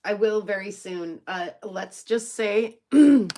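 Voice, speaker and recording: In a mellow, mid-range voice at a slow pace, a woman chats casually on her rock channel. She gushes and giggles a lot, using many fillers.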